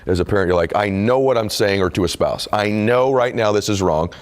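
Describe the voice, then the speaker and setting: A middle-aged man with a very deep, low voice speaks candidly in an interview. He tells a personal story in an earnest, confessional way, leaning into the emotional moments. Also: a little fast. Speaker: podcast host and author being interviewed.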